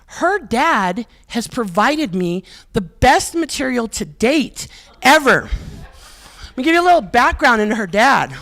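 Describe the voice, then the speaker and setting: A middle-aged woman with a fairly high voice works a stand-up set from a theater stage into a stage mic. She tells her stories in a brassy, self-mocking way and lands each punchline with a quick aside. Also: fairly bright tone. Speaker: stand-up comedian. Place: historic theater stage with live audience.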